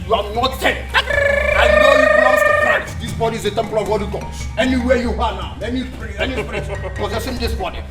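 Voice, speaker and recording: A man with a Nigerian accent playing a pastor and landlord in a comic film, who prays with loud, commanding shouts. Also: very high-pitched, very animated, a little fast, far from the mic. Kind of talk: comedic film acting. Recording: roomy with music behind.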